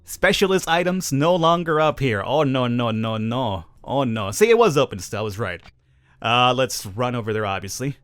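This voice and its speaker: A man's voice: mid-range voice, animated, moderate pace, fairly bright tone, clear, resonant tone. A man giving rambling, self-amused commentary over his mobile survival gameplay. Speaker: gaming YouTuber.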